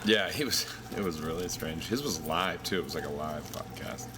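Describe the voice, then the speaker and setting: A man's voice: low voice, normal speed. A man from Idaho, a songwriter guest, telling stories in a laid-back way, full of "like" and "dude.". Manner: laid-back storyteller, says "like" and "dude" a lot. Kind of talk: casual interview chat. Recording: noisy room ambience.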